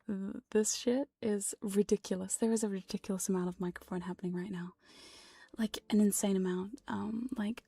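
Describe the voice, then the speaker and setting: A woman's voice: medium pitch, vocal fry, warm tone, slightly rough, dry recording. A woman streamer in a whispered ASMR stream chat, teasing and playful and swearing casually, recorded close on a binaural dummy-head microphone. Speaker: VTuber streamer.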